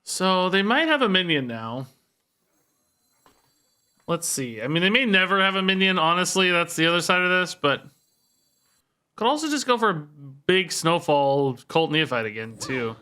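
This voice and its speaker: Bright, crisp-voiced man streaming a game. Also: sits high, very animated, moderate pace, long pauses. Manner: thinks aloud, self-critical, repeats himself. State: sore and tired from sport. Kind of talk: live gameplay commentary.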